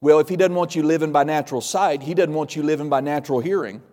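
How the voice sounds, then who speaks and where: A man delivers a sermon from the pulpit, hammering his points through repetition and folksy asides. His voice sits a little high for a man. The sound rings out with long reverb, as in a large church hall. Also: fast, darkish tone. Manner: emphatic, repetitive, folksy humor. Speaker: pastor.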